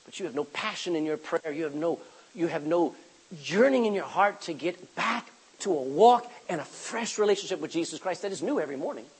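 A husky-voiced man in middle age preaching a sermon. His pitch sits high and rises and falls widely, and he breaks from quiet asides into sudden loud cries. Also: lively intonation, brisk, low-quality recording. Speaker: pastor.

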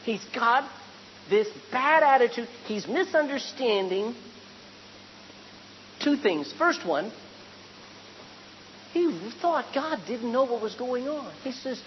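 A woman's voice: fairly high pitch, animated, slow, pauses often, long reverb tail, muffled recording, slight background noise. A woman preaching a sermon to a congregation, asking rhetorical questions and acting out the lines she quotes.

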